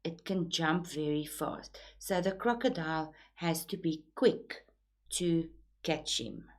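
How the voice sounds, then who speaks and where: A woman, teaching a poem, explaining it slowly and deliberately while switching between two languages. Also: deep voice.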